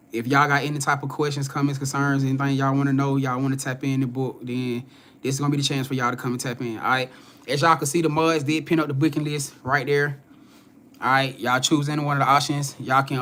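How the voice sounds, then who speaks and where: A man's voice: mid-range voice, fairly bright tone. A young man hosting a spiritual reading live stream, talking loosely in slang, greeting viewers by name and swearing now and then. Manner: laid-back slangy talk, greeting viewers by name, frequent swearing and laughs. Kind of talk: casual live-stream chat.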